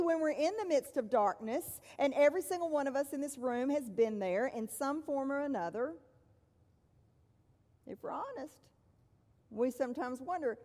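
Woman preacher, sermon delivery, slow and measured with hushed emphasis; long hall reverb. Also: sits high. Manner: measured, dropping to soft hushed tones for emphasis.

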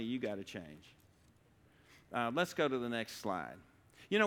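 A man's voice: mid-range voice, fairly bright tone. A middle-aged man, speaking as a guest speaker at church, folksy and self-deprecating. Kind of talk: humorous church talk. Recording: long hall reverb.

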